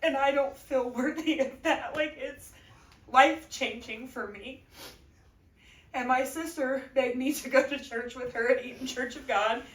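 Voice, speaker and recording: A woman's voice: sits high, measured pace. A middle-aged woman giving an emotional personal testimony in church, earnest and at times tearful, laughing between phrases. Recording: echoey room, voice from a distance.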